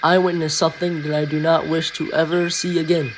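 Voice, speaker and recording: A man putting on a skittish male engine with a thin, high whine that turns sharp when he's mocked. Fan storybook narration with a hiss of noise behind it. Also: flat delivery, brisk, lightly acted. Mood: anxious. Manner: high strained whine, snapping when teased. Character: nervous male tank engine, jumpy and touchy.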